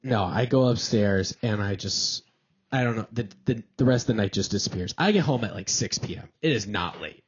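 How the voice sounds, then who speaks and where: A man's voice: lowish voice, fairly quick, muffled recording, a little hiss or hum. A young man on a podcast, telling a long embarrassing story in a rambling, self-deprecating way. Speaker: podcast co-host. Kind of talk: casual chat, telling a story.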